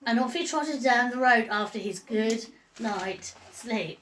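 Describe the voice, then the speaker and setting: A woman reading a children's picture book aloud in an expressive, lilting way, with drawn-out sighs. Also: high voice. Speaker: storyteller.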